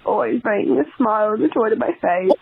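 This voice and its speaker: A woman's voice: on the high side, fairly quick, a loud crowd. A woman calling in to a podcast while crying, gratefully saying thank you. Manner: tearful, grateful, gravelly. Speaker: caller. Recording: tinny hissy phone line.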